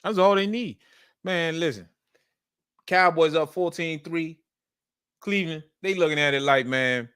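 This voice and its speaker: A man's voice: fairly high pitch, moderate pace, a bit bright, clean tone, dry recording, studio quality. A man hosting a sports show, talking casually and emphatically about football and repeating his points. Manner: repetitive, emphatic, colloquial.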